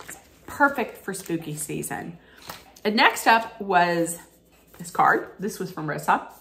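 Teary woman doing an unboxing vlog, talks slow, gushy and rambly. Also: fairly low pitch, fairly bright tone. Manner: gushing, sentimental, rambling with many restarts. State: tearful. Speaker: vlogger.

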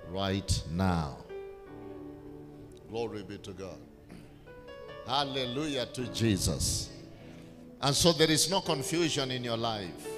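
A man, preaching a sermon as a bishop in an emphatic, repetitive call-and-response manner. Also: mid-range voice. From Kenya. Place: large church hall. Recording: reverberant church hall with music.

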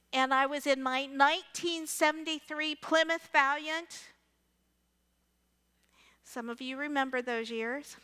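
A middle-aged woman pastor telling a personal story in a sermon, as an animated storyteller who acts out the voices she quotes. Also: high-pitched, clear, resonant tone. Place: large church sanctuary. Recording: reverberant church hall.

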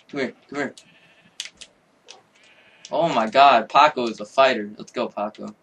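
Young male gamer, rants and shouts, unhurried delivery, slightly distant mic with light hiss. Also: medium pitch. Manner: excitable, swearing, yelling outbursts. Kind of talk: game commentary.

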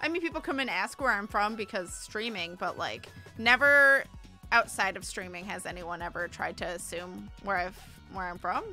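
Giggly young female streamer, bright and bouncy, faint game music behind. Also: medium pitch, moderate pace. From Illinois, US. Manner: giggly, excitable, exclaims during play. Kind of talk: casual gaming chat.

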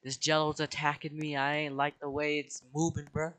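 A young man giving casual let's play commentary, excitable, with dramatic outbursts, squeals and slang. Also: a little high, moderate pace, low-quality recording. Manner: slang-heavy casual talk. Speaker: gaming video creator.

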